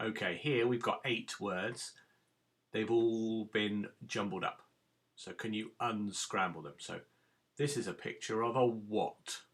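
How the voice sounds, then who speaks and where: A male primary teacher talks young pupils through a phonics lesson. His voice is bright and forward, a little low. He moves at an unhurried, patient pace, spelling things out step by step. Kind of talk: recorded phonics lesson for children.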